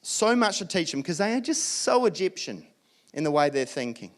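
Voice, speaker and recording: Lively Australian pastor preaching. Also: male voice, on the high side, fairly quick. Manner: animated storytelling with acted asides. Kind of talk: sermon.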